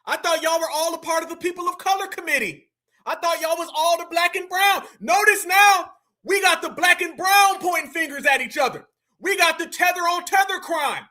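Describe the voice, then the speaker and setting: A man's voice: very high voice, normal speed, pushed and bright. A man hosting a live stream, reacting to clips with slangy, mocking commentary and talking straight to his chat. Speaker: livestream political commentator.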